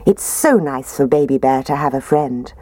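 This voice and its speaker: A woman's voice: a bass voice, lively intonation, normal speed, mellow, no room sound. A woman voicing a kindly mother bear in a storybook reading.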